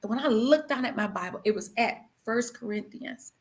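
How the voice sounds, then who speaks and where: A woman guest telling the story of her marriage with animation and feeling, calling her listener "girl" and dropping to hushed tones at solemn moments. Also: on the high side, moderate pace. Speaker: guest sharing her testimony. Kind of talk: emotional personal storytelling.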